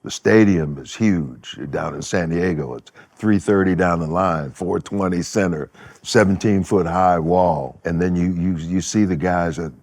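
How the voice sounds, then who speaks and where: A man's voice: sits low, unhurried. A man in his seventies telling stories as an interview guest, acting out quotes and laughing as he goes. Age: 70s. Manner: animated storyteller who acts out quotes and laughs. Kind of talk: casual interview storytelling.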